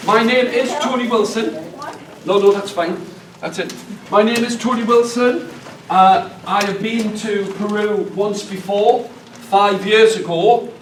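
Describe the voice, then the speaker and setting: A man's voice: high-pitched, a little slow, recorded from a distance, background noise. A man with a northeast English accent leads a storytelling workshop, chatty and jokey, engaging the room. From northeast England. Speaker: storyteller leading a teacher workshop. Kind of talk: lively workshop talk to an audience. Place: large hall with an audience. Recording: echoey hall, mic from afar.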